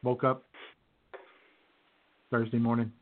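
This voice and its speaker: A man's voice: mid-range voice, little pitch movement, slow, a little hiss or hum. A man hosting a podcast, rambling through stories in casual chat and laughing at them. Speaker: podcast host. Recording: tinny phone-like audio.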